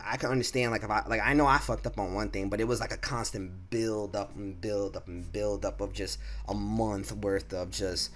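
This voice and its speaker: Speaking at a normal speed with few pauses, a male vlogger in his twenties runs through a casual storytime in a lowish voice, with slight background noise audible. Profane and animated, he uses lots of fillers and restarts and performs other people's quotes.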